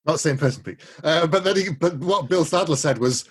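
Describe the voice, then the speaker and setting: A man's voice: on the high side, wildly swooping pitch, a little slow, long pauses, breathy edge. A man co-hosting a podcast, chatting casually and retelling film scenes with quoted lines. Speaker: podcast co-host. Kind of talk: casual chat.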